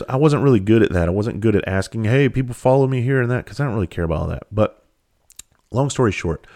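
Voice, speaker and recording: A man's voice: sits low, darkish tone. A man from South Carolina, a comedian and speaker telling a loose, profane story in casual conversational style.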